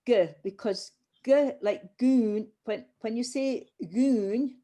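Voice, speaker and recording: A woman leads a language class at an unhurried pace. Her voice is mellow and soft-edged. She patiently drills each sound and calls on her learners one by one. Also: on the high side. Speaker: language teacher. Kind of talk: online group language class.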